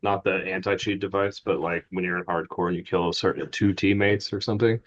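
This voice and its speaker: A man co-hosts a gaming podcast, chatting casually and profanely and laughing often. His low voice has little pitch movement and runs a little fast, with dull lo-fi sound.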